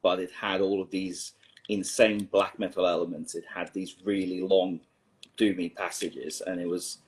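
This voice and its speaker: A man guest on a podcast, not a native English speaker, talks in a low voice. His tone is dry and measured. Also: steady tone. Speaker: band member guest. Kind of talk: casual chat.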